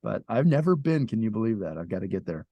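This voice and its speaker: A man's voice: on the low side, big pitch swings, fast talker, slightly rough, no room sound, muffled recording. A man hosting a talk show, asking questions with easy enthusiasm and curiosity. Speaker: podcast host. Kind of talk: casual interview chat.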